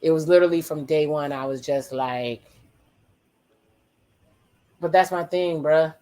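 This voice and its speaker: In relaxed reaction commentary, a watch-along host with a medium pitch and a darkish tone talks back to what's on screen. The host curses freely, makes wry exclamations, and briefly mimics the on-screen people when recounting their words.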